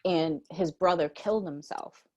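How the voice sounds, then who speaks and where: A woman co-hosting a casual chat, telling a story in a slangy, animated way and jumping high in pitch when she quotes herself. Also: moderate pace. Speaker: podcast co-host.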